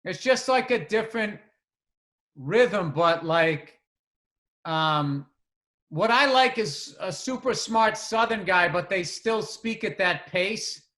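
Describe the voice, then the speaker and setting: A man from the greater area, chatting on a podcast in a profane, animated storytelling way. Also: high-pitched, takes it slowly. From greater Boston area. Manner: profane, animated storyteller who acts out sounds. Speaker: podcast co-host. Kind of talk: casual chat.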